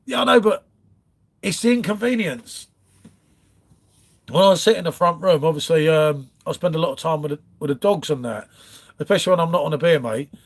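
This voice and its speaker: A man's voice: fairly high pitch, brisk, long pauses. A man hosting a casual livestream from his front room, rambling through viewer comments and calling everyone mate. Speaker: livestream host. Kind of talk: casual live chat reading comments.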